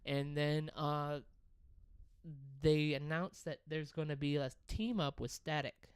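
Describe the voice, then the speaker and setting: A man talks casually on a podcast, laughing and swearing. His voice sits on the high side and sounds smooth and clear. The recording is dry and close, with no room sound. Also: fairly even intonation, slow, no room sound. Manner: loose, profane, laughing. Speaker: podcast co-host. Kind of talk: casual chat.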